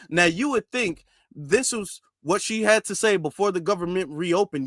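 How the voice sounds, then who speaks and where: A man's voice: high-pitched, moderate pace, fairly bright tone, no echo, studio quality. A man hosting political commentary, reacting to news clips and mocking politicians with a sarcastic edge. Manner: sarcastic, mocks politicians in mimicking voices.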